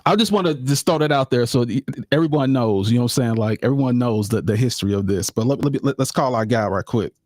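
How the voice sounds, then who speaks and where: A man's voice: mid-range voice, fast, hardly any pauses, darkish tone, no echo, studio quality. A man hosting a live podcast in a casual, chatty way, talking sports and often addressing listeners directly. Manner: laid-back, repeats phrases, addresses listeners as y'all. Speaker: podcast host.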